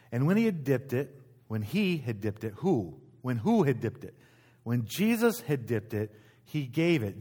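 Middle-aged guy pastor giving a sermon in church, chatty, reads a verse then unpacks it. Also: a little high. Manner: conversational preaching with asides to the congregation. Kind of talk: sermon, reading and explaining scripture. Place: church sanctuary.

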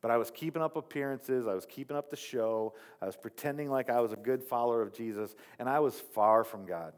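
A male pastor giving a sermon built around a personal testimony, telling the story with animation and dropping to soft, earnest tones when he quotes himself. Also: medium pitch, a little fast.

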